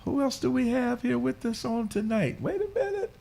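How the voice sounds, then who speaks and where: A man hosting a faith radio show, chatting casually with many fillers and halting restarts. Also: extremely high pitch, big pitch swings, vocal fry, mellow. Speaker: radio host.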